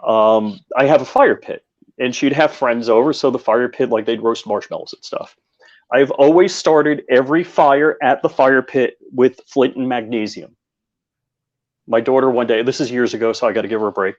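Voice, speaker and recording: A man's voice: medium pitch, moderate pace. A man guest tells family anecdotes in a loose, chatty way, full of fillers. His audio is dull and lo-fi, with the top end rolled off. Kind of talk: casual chat.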